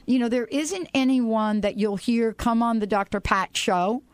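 A woman's voice: on the high side, measured pace, dry recording. A woman hosting a radio talk show, chatty and enthusiastic, rambling a little as she talks.

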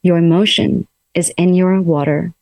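A woman coaching listeners through emotions in a gentle, coaxing self-help talk, speaking her self-talk aloud from a room in her home. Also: on the low side, steady tone, normal speed, dry recording.

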